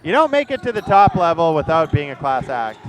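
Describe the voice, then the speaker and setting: Excitable sports commentator, man. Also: fairly high pitch, fairly quick, background noise. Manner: jokey, excitable play-by-play.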